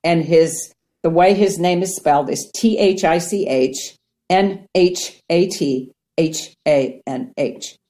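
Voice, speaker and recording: A woman from Ohio, a guest on mindfulness, teaching in a conversational way, earnest and animated, acting out little quotes as she explains. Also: lowish voice, slow. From Ohio, United States.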